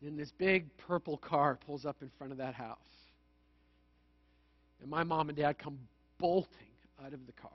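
A pastor from Manitoba, Canada, preaching a conversational sermon and telling stories with self-mocking humor. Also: male voice, fairly high pitch. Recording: dull, lo-fi sound.

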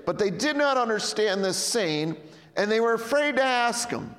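A male pastor preaching a sermon in a church hall, animated and swinging between loud and hushed. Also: high voice, moderate pace. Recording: echoey hall with long reverb.

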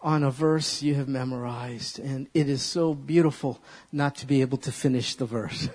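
A man preaching a sermon as a pastor, animated and leading his listeners in repeating a verse aloud. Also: medium pitch, normal speed. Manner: animated, leads congregation in call-and-response recitation. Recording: long reverb of a large hall.

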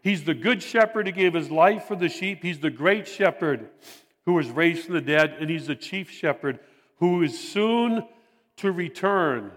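Male pastor, sermon delivery, emphatic and repetitive, slightly high pitch, long hall reverb. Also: expressive. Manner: measured, emphatic preaching with repetition.

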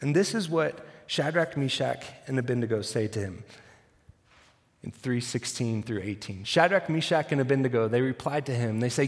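Preacher in a long-reverb hall. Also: male voice, medium pitch, expressive, brisk. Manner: storytelling, acts out quotes with dry humor. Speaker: pastor. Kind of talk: sermon.

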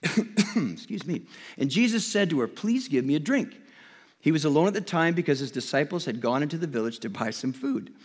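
A man's voice: fairly high pitch, expressive, fairly quick, slightly rough. A man preaching a sermon to a congregation, talking in an earnest, conversational way with frequent restarts. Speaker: pastor. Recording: long hall reverb.

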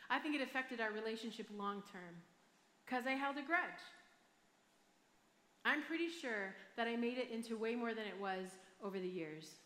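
A woman's voice: fairly high pitch, normal speed, bright, forceful tone. A woman pastor with a Michigan accent preaching a sermon, telling a personal story in a chatty, self-deprecating way with frequent asides. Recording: roomy hall reverb.

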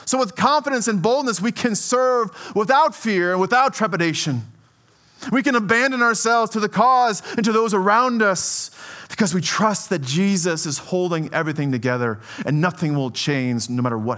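Male preacher, high voice, conversational sermon, animated, keeps asking "right?". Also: moderate pace. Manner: conversational, often asks "right?"; animated, swings between soft and emphatic.

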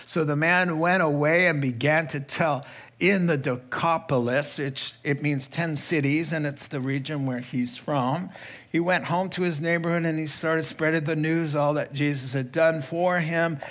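Slow-speaking man preaching a sermon. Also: a little high, fairly even intonation, a bit bright. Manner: storytelling, reads scripture with asides. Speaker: pastor.

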